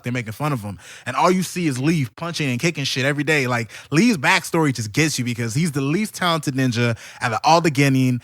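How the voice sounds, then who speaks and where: A young man co-hosting a casual anime podcast, telling stories excitedly with lots of slang and swearing. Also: medium pitch, quick pace, few pauses, no room sound, studio quality. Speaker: podcast co-host. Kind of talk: casual chat.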